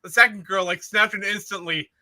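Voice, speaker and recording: A man's voice: sits high, steady tone, brisk, pushed and bright. A man co-hosting a sports podcast, telling stories in casual chat and laughing easily. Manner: chatty storyteller, laughs easily. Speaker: podcast co-host.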